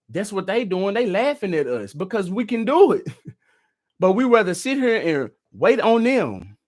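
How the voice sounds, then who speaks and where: A man's voice: sits high, sing-song, normal speed, no echo, studio quality. A man vlogging casually and reacting to clips, slangy and loose. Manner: laid-back, slangy and loose.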